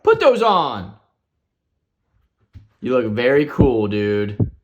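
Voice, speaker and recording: A man's voice: mid-range voice, huge pitch swings, extremely slow, dull audio. A father filming a family vlog, talking to his young sons in a playful, affectionate, encouraging way. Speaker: father and vlogger. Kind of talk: casual family vlog chat.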